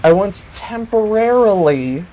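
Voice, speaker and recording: A young man chatting casually on a stream, telling stories in a dry, deadpan way. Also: sits high, a little slow, soft background music. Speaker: stream co-host. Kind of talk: casual chat while gaming.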